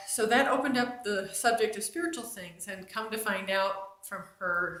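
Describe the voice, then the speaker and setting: A woman's voice: mid-range voice, fairly bright tone. A woman from New Jersey telling a personal faith testimony in a chatty, conversational way. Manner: conversational, chatty with fillers and restarts. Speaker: storyteller on her own channel. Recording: roomy echo.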